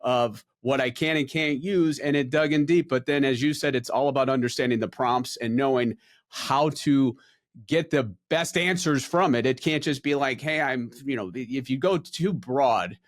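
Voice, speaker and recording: A man's voice: medium pitch, normal speed. A man hosting a podcast, explaining ideas to his listeners in an easygoing, conversational way. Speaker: podcast host, wealth advisor. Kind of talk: podcast interview.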